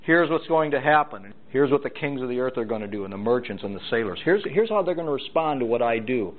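A man's voice: mid-range voice, lively intonation, fast. A man preaching a verse-by-verse Bible teaching sermon, stressing each item in a list as his voice rises and falls. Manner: emphatic, lists items with rising and falling stress. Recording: tinny phone-like sound.

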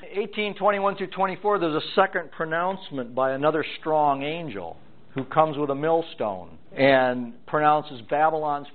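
A man preaching a verse-by-verse Bible teaching sermon, stressing each item in a list as his voice rises and falls. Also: a little high. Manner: emphatic, lists items with rising and falling stress. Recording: tinny phone-like sound.

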